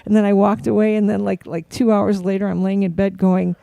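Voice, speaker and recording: A middle-aged woman co-hosting a casual chat, telling animated anecdotes and acting out the voices of people she quotes. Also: mid-range voice, a little fast, creaky, few pauses, no room sound. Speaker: co-host.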